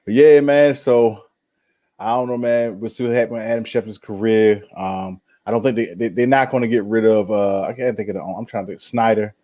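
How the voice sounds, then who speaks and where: A man's voice: lowish voice, brisk, lo-fi sound. A man co-hosting a podcast in casual sports chat, laid-back and saying "man" often. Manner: laid-back, says "man" a lot, lively intonation. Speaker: podcast co-host.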